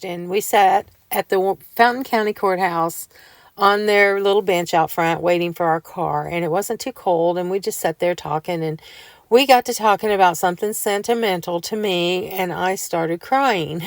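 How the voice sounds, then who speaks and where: Brief: homey vlogger woman, lowish voice, dry close sound, chatty storyteller. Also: no echo. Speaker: home decor vlogger. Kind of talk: casual chat to viewers.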